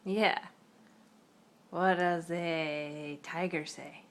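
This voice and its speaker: A mother speaking to her toddler at lunch at home, asking gentle questions and making playful animal noises to coax the child along. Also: fairly low pitch, steady tone, drawn-out words. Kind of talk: coaxing a toddler to make animal sounds.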